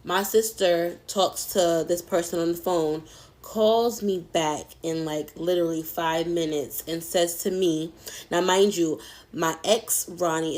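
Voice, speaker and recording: A woman's voice: on the low side, a little mellow. A young adult woman telling a personal story in a casual, candid, chatty way, swearing freely.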